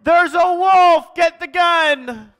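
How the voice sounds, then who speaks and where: Man shouting as a frantic shepherd boy. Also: slow, long reverb tail, heavily acted. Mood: alarmed. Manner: shouting high and strained.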